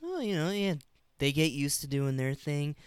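A man's voice: a little high, animated, normal speed, smooth, no room sound, clean studio sound. A man co-hosting a casual movie review podcast, laid-back and agreeable, adding short opinions. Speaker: podcast co-host.

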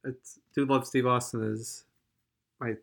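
A man's voice: mid-range voice, level tone, unhurried, creaky, fairly bright tone. A man co-hosting a podcast in casual chat, easygoing and chatty with frequent chuckles. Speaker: podcast co-host.

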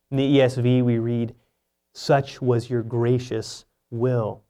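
A man's voice: medium pitch, fairly even intonation, normal speed, warm tone. A man preaching an earnest, teaching sermon, often asking rhetorical questions. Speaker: pastor.

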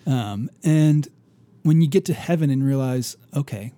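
A man co-hosting a casual faith podcast, telling a story earnestly with many restarts and soft, trailing asides. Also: mid-range voice, a little slow, no echo. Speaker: podcast co-host.

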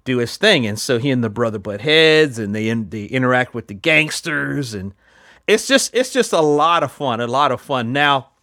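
A man's voice: mid-range voice, expressive, normal speed, pushed and bright, no room sound, studio quality. A man casually chatting as a podcast host, rambling with lots of fillers and restarts. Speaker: podcast host reviewing films. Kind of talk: casual chat.

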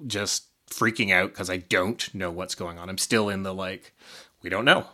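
A man co-hosting a casual podcast, audibly short of breath as he talks. His voice sits a little low, but its tone is bright and tense. He speaks candidly, drops swear words, and laughs off heavy news. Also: fairly even intonation, moderate pace. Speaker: podcast co-host.

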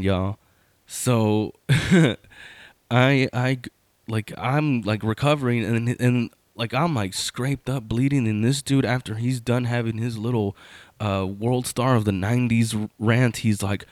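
A man in his thirties spins a casual story, circling back and restarting often. His voice sits on the low side, and the recording is dry and close with no room sound. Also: moderate pace, darkish tone, no room sound. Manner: rambling, lots of fillers and restarts.

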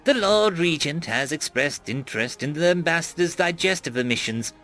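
A man's voice: fairly high pitch, lively intonation, moderate pace, a bit bright, soft background music, pitched above the performer's own voice. A man voicing a stern, aloof male alien ambassador who speaks stiffly and formally.

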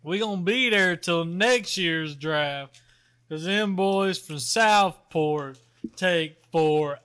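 A young man chatting casually on a podcast, talking slowly in a drawl. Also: sits high, pushed and bright, smooth. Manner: drawling, slow-talking, laughs at himself. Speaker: podcast co-host. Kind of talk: casual chat.

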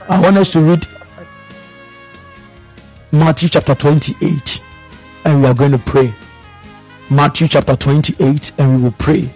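A man's voice: a little high, fairly even intonation, measured pace, pauses often, darkish tone, slightly rough, soft background music. Fervent male pastor praying in tongues. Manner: rhythmic, repetitive prayer calls. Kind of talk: prayer and Bible teaching.

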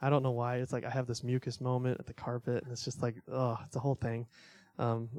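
A man's voice: mid-range voice, monotone, fast talker, darkish tone. Casual young man teaching faith. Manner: conversational, filler-heavy, self-deprecating laughs. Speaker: church teacher.

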